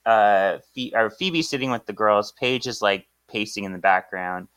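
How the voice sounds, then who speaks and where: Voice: medium pitch, moderate pace, a bit bright, clear, resonant tone, no room sound. A podcast co-host chatting and recapping a comic story, giggly and talkative. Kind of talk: casual chat, reading a comic aloud.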